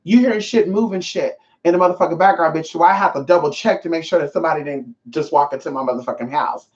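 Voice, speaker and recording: A woman's voice: sits low, fast talker, a little mellow, muffled recording. Sassy, profane woman ranting on a livestream. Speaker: spiritual teacher hosting a livestream. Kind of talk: casual livestream rant. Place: at home.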